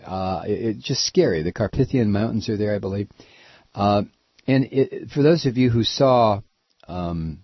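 A man's voice: fairly low pitch, slightly rough, no room sound. A man hosting a radio talk show, giving rambling, sardonic commentary full of hesitations. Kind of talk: casual on-air commentary. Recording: dull lo-fi radio audio, dry.

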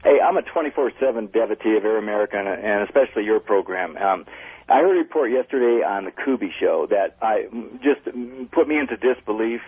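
Male caller, husky, earnest rambling, tinny phone sound. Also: fairly low pitch, animated, brisk, no echo. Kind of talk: call-in radio chat.

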